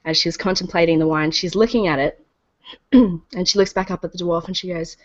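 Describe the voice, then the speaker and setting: A woman narrates her character's moves in a casual, hesitant way. Her voice is rather low, and the call sounds dull and lo-fi. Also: normal speed, dry recording. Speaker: player. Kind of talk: describing a character in a tabletop game.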